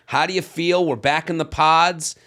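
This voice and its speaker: A man in his thirties co-hosting a podcast, recapping a reality show in casual chat with quick, animated asides. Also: on the high side. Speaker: podcast co-host.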